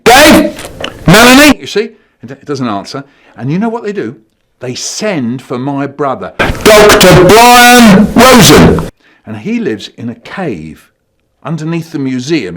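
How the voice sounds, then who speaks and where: Lively, playful male storyteller. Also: medium pitch. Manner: animated, playful, bursts into loud silly shouts. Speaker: comic storyteller. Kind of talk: comic storytelling for children.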